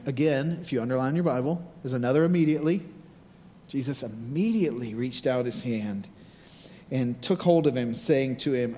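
A man's voice: mid-range voice, normal speed. Pastor guy preaching super casual, lots of likes, mid voice, big echoey church. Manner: informal, animated, lots of "like". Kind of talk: casual conversational sermon.

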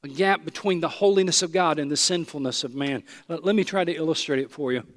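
A man preaching a sermon, emphatic and repeating his phrases, sometimes dropping to a hushed voice. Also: fairly high pitch, fast. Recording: long hall reverb.

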